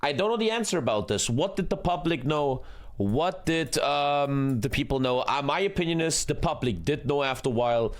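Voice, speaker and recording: A man's voice: on the high side, expressive, normal speed. A man reacting to a history documentary in casual, blunt talk, swearing often and speaking earnestly about what he sees. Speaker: streamer reacting to a history video.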